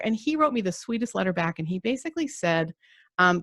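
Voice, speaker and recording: A woman's voice: medium pitch, animated, a little fast, fairly bright tone, no echo. Woman podcast host, chatty rambling storyteller, laughs a lot, dry close sound. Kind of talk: casual conversation.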